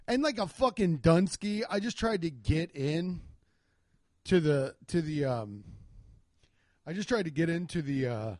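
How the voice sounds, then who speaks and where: A young man spins a long, rambling story, swearing freely and staying laid-back. His voice sits a little high. The sound is dry and close, with no room around it. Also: animated, unhurried, a little mellow, no room sound. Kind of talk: casual comedic storytelling.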